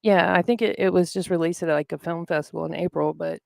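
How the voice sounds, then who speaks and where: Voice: mid-range voice, steady tone, fast, creaky, no room sound, studio quality. A podcast host chatting casually, rambling and talking to themselves while looking things up. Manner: rambling, talks to self while browsing. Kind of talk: casual chat.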